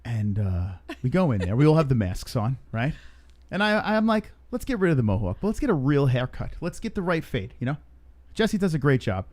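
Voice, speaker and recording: A man's voice: mid-range voice, very animated, brisk, darkish tone. A man co-hosting a casual news chat show, teasing and bantering. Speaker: co-host.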